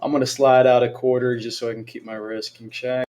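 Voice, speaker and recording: A man's voice: mid-range voice, little pitch movement, brisk, a little mellow. Upbeat man calling live trades. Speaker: trading stream host. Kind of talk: casual live trading chat.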